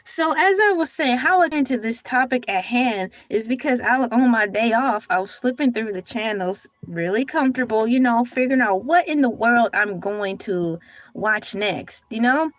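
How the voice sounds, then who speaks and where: High-voiced woman hosting a livestream. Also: moderate pace, dry recording. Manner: animated, playful, talks to chat and does voices. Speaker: livestream host. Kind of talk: casual morning livestream chat.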